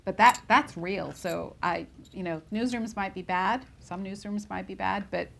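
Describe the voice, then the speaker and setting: A woman's voice: mid-range voice, steady tone, a little slow, gravelly, fairly bright tone, slight background noise. A woman in her forties speaking candidly on a panel as a newsroom leader, reflective, with frequent fillers and restarts. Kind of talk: panel discussion.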